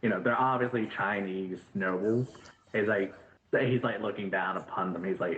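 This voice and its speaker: A man's voice: lowish voice, normal speed, a bit bright, roomy sound, muffled recording, a little hiss or hum. Chatty man narrating as game master. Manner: loose and chatty, filler-heavy. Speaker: dungeon master. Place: home voice chat.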